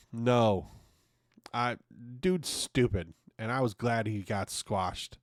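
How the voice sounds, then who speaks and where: A man's voice: fairly low pitch, expressive, extremely slow, no echo, clean studio sound. A man hosting his own podcast, ranting casually and swearing often in an exasperated way. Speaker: podcast host. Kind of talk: casual opinion monologue.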